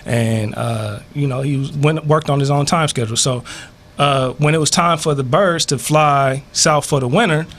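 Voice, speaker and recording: A man's voice: a little high, moderate pace, a bit bright. A man co-hosting a talk radio show, telling a story in a laid-back, slangy way and acting out voices. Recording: faint background noise.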